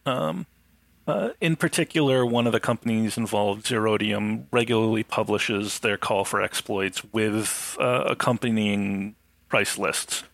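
This male podcast panelist, whose bright, crisp voice has a gravelly edge and sits on the lower side, explains topics evenly in a casual chat. Dry humor slips in at times, and the recording is dry and close to the mic.

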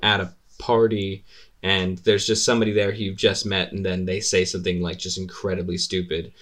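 A man with a fairly low voice chats loosely on a podcast. He rambles through stories, swears freely and laughs often as he goes. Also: flat delivery, a little fast, fairly bright tone. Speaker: podcast host. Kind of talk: casual podcast chat.

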